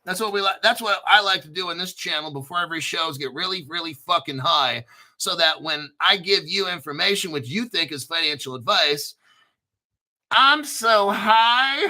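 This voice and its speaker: Male streamer, fairly high and very bright voice, loose profane rambling delivery. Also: fairly quick. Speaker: crypto YouTube host. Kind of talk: casual livestream chat.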